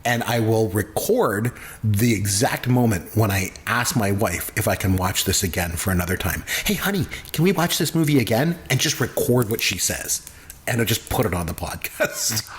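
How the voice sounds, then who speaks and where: A man's voice: lowish voice, normal speed. A middle-aged man co-hosting a casual movie review podcast, joking and complaining with exaggerated gripes. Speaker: podcast co-host; professor.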